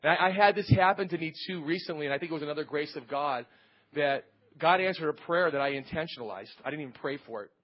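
A man's voice: on the high side, fast. A man, middle-aged, preaching an informal sermon and telling a personal testimony, rambling and restarting his sentences. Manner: rambling, repeats words and restarts, storytelling. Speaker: lay preacher. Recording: dull lo-fi church audio.

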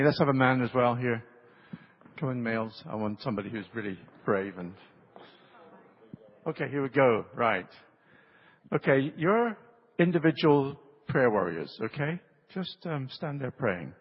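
An older man, leading a ministry and giving a relaxed church talk with light humor while directing volunteers. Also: mid-range voice, gravelly, slightly rough. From England. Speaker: ministry leader. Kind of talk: church talk with a live demonstration. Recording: dull recording in a reverberant hall.

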